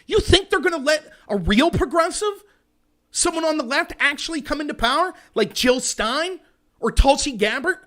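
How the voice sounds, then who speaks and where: A man hosting a political commentary livestream, ranting in an animated, sarcastic way. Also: very high-pitched, moderate pace. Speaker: host.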